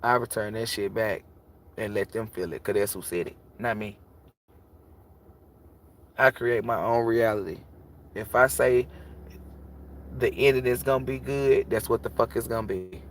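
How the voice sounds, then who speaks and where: A man's voice: fairly low pitch, normal speed, long pauses. A man who reads tarot, talking bluntly and casually on a livestream and preaching about energy with plenty of swearing. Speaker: tarot reader.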